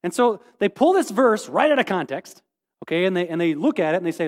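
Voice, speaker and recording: A man preaching a sermon as pastor, lively and animated, acting out quoted voices and putting questions to his listeners. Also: high voice, a little fast, long reverb tail.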